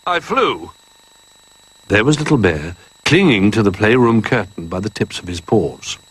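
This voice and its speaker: A man reading a children's story aloud in an expressive, animated way. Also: on the low side, moderate pace, husky, rough recording.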